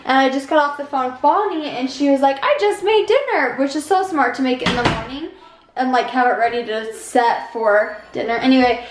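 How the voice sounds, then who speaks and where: A woman's voice: high-pitched, fairly even intonation, brisk. A young mother chatting in a family home vlog, rambling along with lots of fillers. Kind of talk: casual family vlog chat. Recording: roomy home room with background noise.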